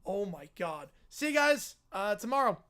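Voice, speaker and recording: A man hosting a live stream, reacting with loud disbelief and laughter. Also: high-pitched, sing-song, normal speed, clear, resonant tone.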